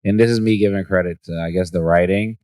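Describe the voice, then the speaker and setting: A man co-hosting a podcast, talking in casual chat, animated and profane, acting out scenes with big jumps in pitch and frequent laughs. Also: fast, dry recording. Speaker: podcast co-host. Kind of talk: casual movie-review chat.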